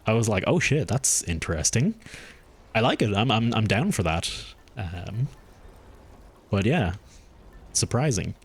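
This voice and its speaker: A man streaming a game, chatting casually and thinking aloud as he plays, with his pitch jumping up when something surprises him. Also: lively intonation, measured pace, pauses often, slightly rough. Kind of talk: casual gameplay commentary.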